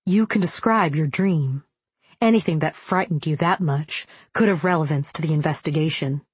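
A woman reading the part of a calm, methodical male investigator who speaks smoothly and matter-of-factly in a storybook. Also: a little high, moderate pace, dry recording.

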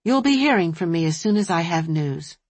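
A woman voicing an earnest, persuasive businesslike man in an audiobook, with a low, husky voice. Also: animated, brisk, a little mellow, dry recording.

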